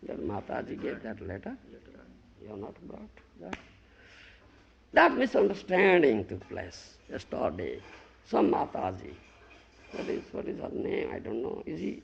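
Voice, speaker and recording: A man preaches with a strongly gravelly, husky voice, jumping from loud emphatic bursts to near-murmurs. His pitch sits high and leaps wildly. The sound is a muffled, lo-fi old lecture tape. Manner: emphatic, swings from loud scolding to low murmur, repeats "You understand?". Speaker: guru giving a scripture lecture. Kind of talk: sermon. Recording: dull lo-fi 1990 lecture tape.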